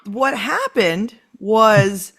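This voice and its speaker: A woman telling a story on a podcast, animated, acting out quotes and swearing freely. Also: mid-range voice, very slow, breathy edge. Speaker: podcast guest. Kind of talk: casual chat.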